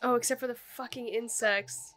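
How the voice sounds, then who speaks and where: A woman co-hosting a reaction channel, blurting short exclamations and quick quips. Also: a little high, steady tone, fairly bright tone. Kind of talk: casual group reaction chat.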